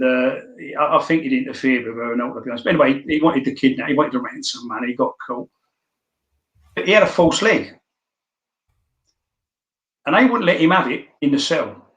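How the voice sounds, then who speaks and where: Male podcast guest, blunt anecdotal storyteller with frequent swearing, middle pitch, echoey room sound. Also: fairly bright tone, muffled recording. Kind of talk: casual storytelling. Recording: roomy echo.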